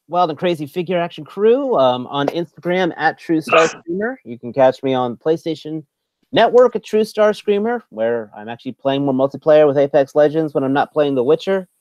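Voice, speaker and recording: A man's voice: a little high, expressive, normal speed, a little mellow, no room sound. A man co-hosting a casual podcast, joking and playful. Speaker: podcast co-host.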